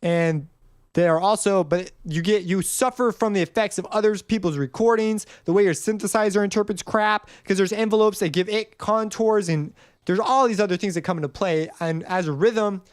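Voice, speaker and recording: Brief: young male tutor, slightly high, smooth voice, loose chatty teaching with sung demos. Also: normal speed, dry recording, studio quality. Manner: casual, rambling explanation with sung note demonstrations. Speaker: music composition teacher. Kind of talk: screen-recorded tutorial.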